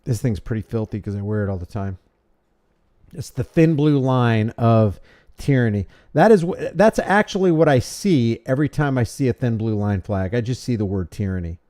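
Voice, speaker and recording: A man hosts a casual livestream and reads his viewers' messages aloud. His voice sits in the middle range with a mellow, dark tone. He rambles and restarts sentences as he thanks people by name. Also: mid-range voice, animated, moderate pace. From United States. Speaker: livestream host. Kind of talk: casual livestream chat reading super chats.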